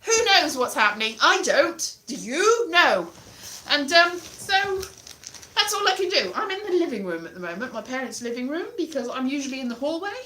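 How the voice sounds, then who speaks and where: Bright-voiced woman rambling on a livestream. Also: high voice, big pitch swings, moderate pace, slight background noise. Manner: rambling, self-deprecating, greets chat mid-sentence. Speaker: livestreamer chatting to viewers. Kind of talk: casual rambling live chat. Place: parents' living room, indoors. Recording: roomy echo.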